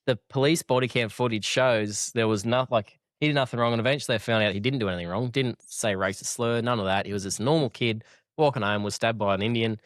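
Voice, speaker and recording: A man's voice: mid-range voice, fast, no room sound, studio quality. A man hosting a podcast in casual chat, blunt and sweary, laughing often and rambling as he loses his thread. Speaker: podcast host.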